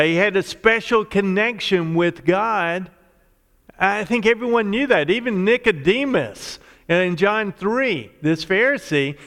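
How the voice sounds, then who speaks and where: High-voiced man preaching in a reverberant hall. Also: a bit bright. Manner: explanatory Bible teaching, measured and emphatic. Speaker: pastor. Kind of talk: sermon.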